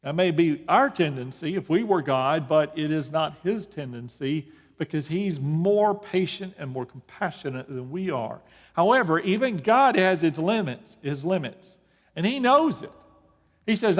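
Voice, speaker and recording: A pastor leads a Bible study in a church sanctuary, joking casually and often restarting his sentences. His voice is fairly high, expressive and unhurried, and the church hall gives the recording a long reverb.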